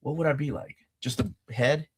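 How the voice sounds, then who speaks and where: A man co-hosting a casual chat livestream, talking in a rambling, jokey, animated way. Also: mid-range voice, moderate pace, breathy edge. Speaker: livestream co-host.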